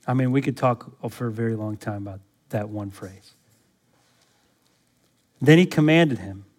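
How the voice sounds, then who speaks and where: This is a man preaching in church, his mid-range voice expressive and a little slow. He questions the congregation rhetorically and works up to urgent, loud exhortation.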